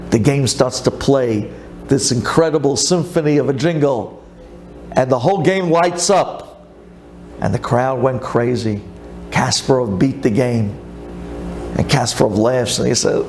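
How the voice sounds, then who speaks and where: Animated male rabbi telling a story. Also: a little high, measured pace, long pauses, faint music behind. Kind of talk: sermon storytelling.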